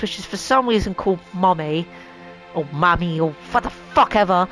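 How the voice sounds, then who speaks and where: A woman's voice: fairly low pitch, animated, normal speed, a bit bright, soft background music, rough recording. A woman hosting a casual opinion rant at home, rambling, swearing a lot and sounding exasperated. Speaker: channel host. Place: home room.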